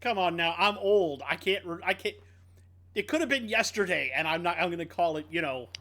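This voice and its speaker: Lively bright-voiced man joking about sports. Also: high-pitched. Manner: lively, joking, quick to laugh. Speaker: podcast co-host. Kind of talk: casual sports chat.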